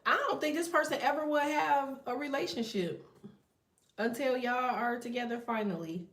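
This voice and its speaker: A woman's voice: high voice, moderate pace, fairly bright tone. Blunt, slangy woman reading tarot in a roomy space. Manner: blunt, profane, storytelling with slang. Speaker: tarot reader. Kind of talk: casual tarot reading chat. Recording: roomy echo, distant from mic.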